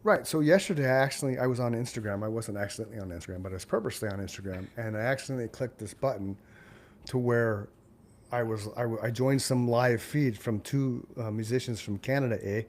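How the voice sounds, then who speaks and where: Guy cohosting a live show, teasing, animated, acts out little stories, mid voice. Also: mid-range voice, quick pace, a little hiss or hum. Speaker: co-host. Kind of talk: casual chat.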